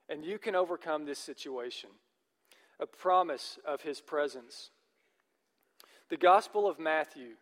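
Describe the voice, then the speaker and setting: A man's voice: on the high side, a little slow, long pauses, fairly bright tone, in a large hall. A man preaching a sermon as pastor, earnest and encouraging, often asking his listeners questions.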